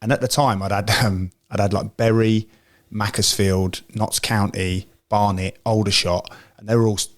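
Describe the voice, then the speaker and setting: Low-voiced middle-aged man. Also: steady tone, normal speed. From Essex, England. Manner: rambling storyteller, restarts, acts out quoted voices. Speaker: podcast co-host, ex-footballer. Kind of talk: casual chat.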